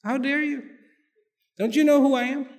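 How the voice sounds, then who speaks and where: A man voicing a proud, hot-tempered king of old who shouts high and strained, as a story inside a sermon in a hall with long reverb. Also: big pitch swings, slow pace, far from the mic, heavily acted. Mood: furious.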